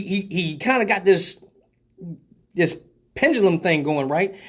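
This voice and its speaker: Give me an animated man host telling stories with a lively, swooping pitch. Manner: animated, profane, laughs often. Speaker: host of a live call-in show. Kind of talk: casual storytelling.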